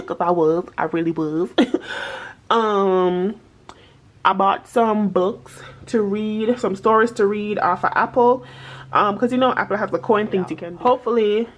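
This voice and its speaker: A woman with a Jamaican accent chatting casually to camera as a budgeting vlogger, slipping patois into her talk. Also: medium pitch.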